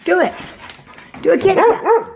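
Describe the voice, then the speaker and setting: A woman's voice: extremely high pitch, expressive, moderate pace, gravelly, very noisy. A woman talking playfully to her pet dog, coaxing and praising it. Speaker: pet owner. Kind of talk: casual talk to a pet.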